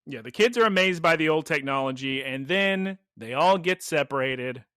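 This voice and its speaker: Bright, animated podcast guy. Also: a little high, moderate pace, clear, resonant tone, no room sound, studio quality. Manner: animated, rambling, laughs often. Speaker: podcast co-host. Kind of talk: casual episode recap chat.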